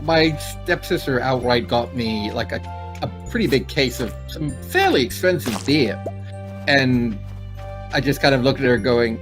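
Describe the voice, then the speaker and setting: A man co-hosting a casual gameplay chat, animated and quick to swear, with sudden jumps in pitch when excited. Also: over music. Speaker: gaming co-host.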